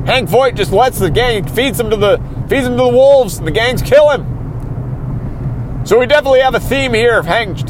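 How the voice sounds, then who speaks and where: High-voiced rambling man recapping TV. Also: background noise. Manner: rambling, talks himself into getting worked up. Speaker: podcast host. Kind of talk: casual TV episode recap. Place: inside a car while driving.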